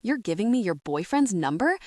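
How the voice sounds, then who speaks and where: A woman's voice: medium pitch, big pitch swings, normal speed, a little mellow, no room sound, clean studio sound, lightly acted. A woman voicing a catty, vain rich young woman. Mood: whiny.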